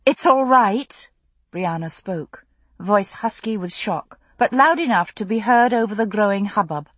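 Woman narrator doing a spirited young woman, sharp and urgent, dry close sound. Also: medium pitch, expressive, moderate pace, slightly rough, dry recording. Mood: shaken.

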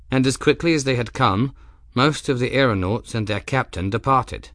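A man narrates a novel as an audiobook, telling the scripted story in an even, measured manner. His pitch is medium, and the recording is dry, with clean studio sound.

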